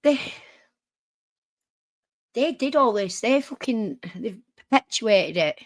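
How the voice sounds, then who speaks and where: A woman's voice: a little high, lively intonation, slow pace, no echo, studio quality. A woman hosting a reaction stream, talking back at clips with sarcasm and swearing. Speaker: streamer host. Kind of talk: reaction commentary.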